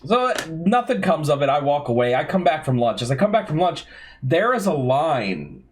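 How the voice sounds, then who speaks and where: A man on a podcast telling a funny story about an old job in a casual, animated way, acting out the quotes. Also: fairly high pitch, normal speed. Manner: animated, laughing, acts out quotes. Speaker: podcast co-host.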